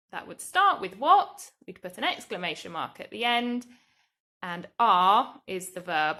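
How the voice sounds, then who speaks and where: Slow, lively-voiced woman teacher. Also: mid-range voice. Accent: English. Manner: slow, clear, patient explaining with drawn-out example words. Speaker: primary school teacher. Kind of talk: recorded grammar lesson for young children.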